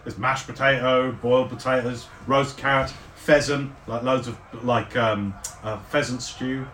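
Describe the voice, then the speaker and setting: A man narrating as game master, describing the scene at length with frequent fillers and pauses. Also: mid-range voice, fairly even intonation, a bit bright, a little hiss or hum. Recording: roomy, distant mic.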